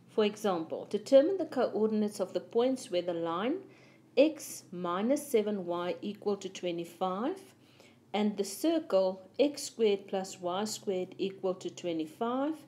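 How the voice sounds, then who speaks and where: Slow, methodical woman teaching maths. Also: mid-range voice, warm tone. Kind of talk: step-by-step lesson voice-over.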